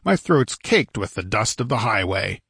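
A man reading an audiobook, voicing a blunt, grim barbarian warrior who talks in a gruff, impatient, mocking way, with a low husky voice. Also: very animated, normal speed, a bit bright, no room sound, clean studio sound, heavily acted. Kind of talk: audiobook character voice.

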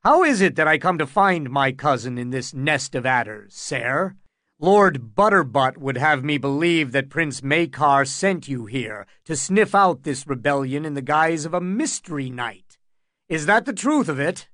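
Cold, scornful older lord, read by a male audiobook narrator; unhurried, a touch high. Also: animated, a bit bright, dry recording, clean studio sound. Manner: icy and contemptuous. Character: cold, commanding older lord and royal hand.

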